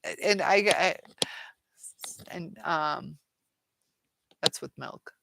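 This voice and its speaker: Low gravelly woman hosting a chat. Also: drawn-out words, long pauses, noisy background. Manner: chatty, laughs often, trails off while reading comments. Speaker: live chat host. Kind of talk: casual live chat reading viewer comments.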